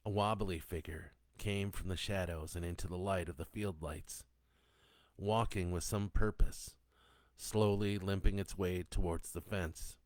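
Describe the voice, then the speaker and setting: A man narrating a zombie horror story, reading in a steady, descriptive storytelling manner. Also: low-pitched, unhurried, no room sound. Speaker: audiobook narrator.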